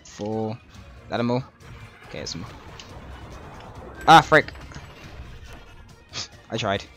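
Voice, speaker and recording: A man's voice: lowish voice, takes it slowly. A young British man with a British accent, giving casual commentary on a speedrun and swearing at his mistakes, with faint music behind. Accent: British English. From Britain. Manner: excitable, swears often, reacts loudly to mistakes. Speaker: speedrunner streaming a game. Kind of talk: casual live-stream commentary.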